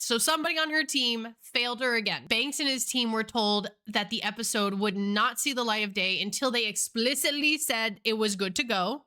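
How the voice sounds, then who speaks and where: A woman's voice: a little high, sharp tone. A young woman hosting a casual commentary video, blunt and full of "like" fillers. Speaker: commentary channel host.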